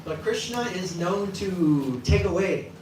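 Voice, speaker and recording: A man with a fairly high voice tells a sermon story to a gathered audience, in a casual and lively way, and briefly puts on the voices of the people in it. He sounds set back from the mic, and a roomy echo with faint ambience hangs around him. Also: measured pace, background noise. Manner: lively, acts out quoted voices. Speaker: temple class speaker. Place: temple hall with live audience. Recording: echoey room from a distance, faint ambience.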